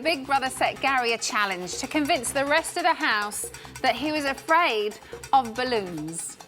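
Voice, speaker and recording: A woman's voice: high-pitched, expressive, normal speed. A woman presenting a live studio show, giggly and tripping over her words. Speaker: host. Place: TV studio with audience. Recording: loud music and crowd behind.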